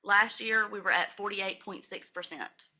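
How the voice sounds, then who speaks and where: A woman's voice: medium pitch, steady tone, moderate pace, bright, forceful tone. A woman county finance officer reading a monthly financial report at a public meeting, reciting figures methodically with brief self-corrections. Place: county commissioners' meeting room.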